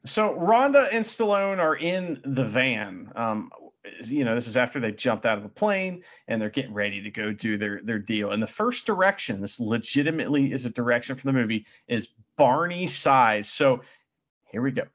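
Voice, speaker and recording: Animated, sarcastic podcast host man. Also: mid-range voice, normal speed, highs cut off. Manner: animated, sarcastic, swears and laughs often. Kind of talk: casual movie review chat.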